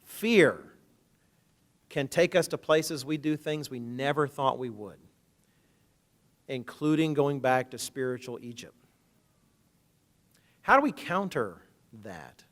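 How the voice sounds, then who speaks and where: A man preaching a sermon, reading scripture aloud and commenting in a conversational, joking way. He swings between loud emphatic quotations and low, hushed asides. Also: lively intonation, slow pace, pauses often. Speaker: minister.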